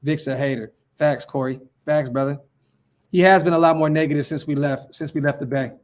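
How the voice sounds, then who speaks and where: A man's voice: fairly high pitch, steady tone, fairly quick. A man from Northern California hosting a casual fan livestream, reading viewer comments aloud in a hyped, slangy way and repeating his phrases. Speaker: fan channel livestream host.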